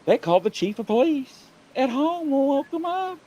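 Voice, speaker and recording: A man, co-hosting a casual video-call show and telling a lively story while acting out the other people in it. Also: very high-pitched, moderate pace, poor audio. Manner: animated storyteller, acts out voices of others. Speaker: podcast co-host, former police officer.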